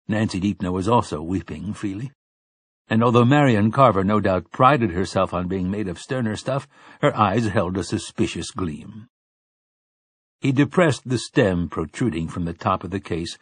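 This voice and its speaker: A man narrating an audiobook in a steady, measured reading. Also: on the low side, breathy edge, no room sound. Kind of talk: scripted narration.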